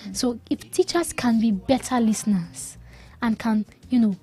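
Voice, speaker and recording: A woman's voice: on the high side, a little slow, dark tone, slightly rough. A woman from Nigeria, a speech and language pathologist, explaining as a radio guest and repeating key advice with emphasis.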